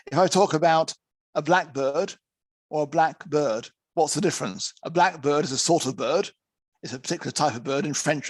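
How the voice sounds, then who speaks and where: A man teaching conference interpreters in an online lecture, speaking in lively, emphatic short phrases with some restarts. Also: a little high, dry recording. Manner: lively, emphatic, counts out examples.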